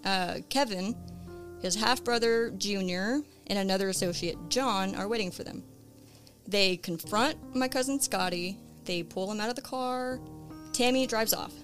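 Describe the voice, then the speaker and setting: A true crime podcast host recounts a case in relaxed, conversational storytelling full of "um" and "uh." Her voice is medium-pitched and measured, with faint music playing behind her.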